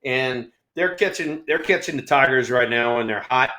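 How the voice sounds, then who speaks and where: A man's voice: mid-range voice, normal speed, sharp tone, echoey room. Rambling man in his sixties, baseball storyteller. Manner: rambling storyteller, lots of "you know". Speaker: former ballplayer co-host. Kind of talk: casual sports chat.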